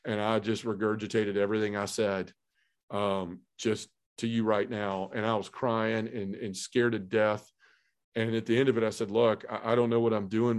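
A middle-aged man with a fairly low voice tells his personal testimony. He speaks earnestly, acts out the people he quotes, and drops to a near hush at the emotional moments. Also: clear, resonant tone. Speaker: podcast guest telling his testimony.

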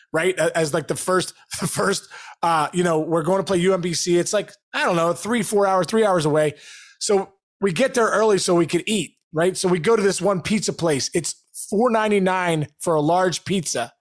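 A man co-hosting a podcast, telling a long story in casual chat, animated and laughing, calling his friend bro. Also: high-pitched. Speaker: podcast co-host.

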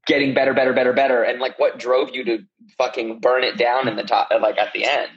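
A man's voice: mid-range voice, flat delivery, fast. A man hosting a podcast interview, gushing and effusive, swearing freely over a live video call. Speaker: podcast host. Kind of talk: casual interview chat. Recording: dull lo-fi live-stream audio.

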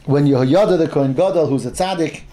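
A man's voice: a little high, quick pace, warm tone. A man teaching a Bible class, explaining verses step by step, often restarting his phrases and mixing in Hebrew terms.

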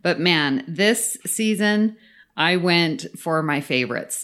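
Slow, low-voiced woman co-host. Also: fairly bright tone, smooth. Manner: enthusiastic, gushing with laughs. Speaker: podcast co-host. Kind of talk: casual podcast chat.

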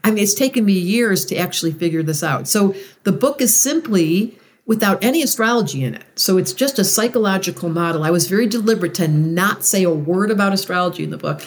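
A woman guest in a conversational interview, expressive, acting out moods as she explains ideas. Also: fast talker, hardly any pauses. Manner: expressive, acts out moods with big pitch swings. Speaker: astrologer guest.

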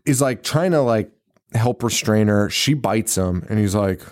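A man's voice: on the low side, moderate pace, darkish tone. A man co-hosting a podcast, chatting casually and profanely as he recaps a movie, laughing and acting out scenes. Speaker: podcast co-host.

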